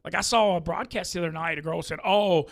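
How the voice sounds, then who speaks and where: A man co-hosts a sports betting chat in a studio, talking quickly with a gravelly edge. His voice sits a little high, and he makes emphatic points about games and odds. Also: a bit bright. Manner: fast, emphatic sports analysis. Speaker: co-host.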